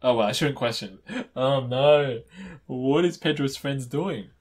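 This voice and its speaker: A man's voice: mid-range voice, expressive, moderate pace, husky. A young man reading fan fiction aloud on camera, gushing and playfully reacting between passages. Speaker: YouTuber.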